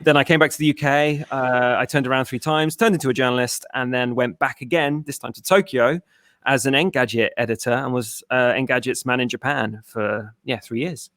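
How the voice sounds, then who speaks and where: A man's voice: medium pitch, steady tone, fairly quick, fairly bright tone, no echo. A man from southern England with an English accent, chatting on a podcast in a wry, dry-humored storytelling way. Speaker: podcast guest co-host, editor. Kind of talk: casual podcast chat.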